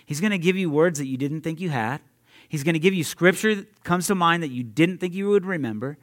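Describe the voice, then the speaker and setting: A young adult man preaching a sermon in an energetic, conversational way, laughing often and talking straight to his listeners. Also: a little high, a little fast. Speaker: preacher at a youth ministry.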